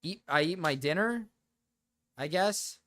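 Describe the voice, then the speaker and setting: A man's voice: a little high, expressive, a little slow, bright, forceful tone. A man hosting a livestream, chatting casually and reading chat questions, rambling and self-deprecating. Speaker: streamer host.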